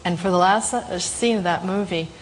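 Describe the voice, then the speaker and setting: A middle-aged woman as a talk show guest, telling a lively anecdote with frequent laughs. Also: lowish voice, moderate pace, a little hiss or hum, low-quality recording. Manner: animated, laughing storyteller.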